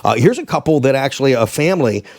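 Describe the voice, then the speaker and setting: A man, a former radio DJ, casually telling stories to the camera, animated and quick to laugh. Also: gravelly. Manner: animated, mimics callers in high voices, laughs often.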